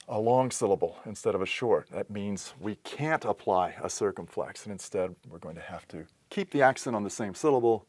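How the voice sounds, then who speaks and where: Male lecturer, lowish voice, patient and methodical, screen-recorded lesson. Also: slight background noise. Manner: patient, explanatory, with pauses and restarts. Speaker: teacher. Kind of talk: recorded lecture on Greek accents.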